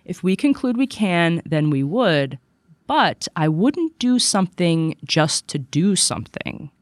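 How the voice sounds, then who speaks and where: A man co-hosting a casual tech podcast, his voice a bit high for a man. He is chatty and quick to laugh, and the recording is dry and close. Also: sing-song, no room sound. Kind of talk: casual chat.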